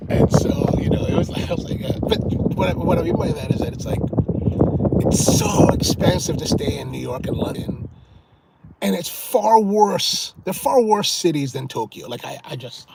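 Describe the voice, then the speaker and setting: Gravelly man telling rambling stories. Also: high voice, lively intonation, normal speed. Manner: chatty, many restarts and repeated words. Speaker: coffee show host answering viewer questions. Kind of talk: casual rambling storytelling. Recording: clear background noise and ambience.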